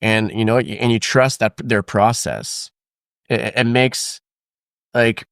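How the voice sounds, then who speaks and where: A man's voice: lowish voice, takes it slowly, smooth, no room sound, studio quality. A man, a drummer guest on a podcast, talking casually with lots of fillers and restarts. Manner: relaxed, rambling with many fillers. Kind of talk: casual interview chat.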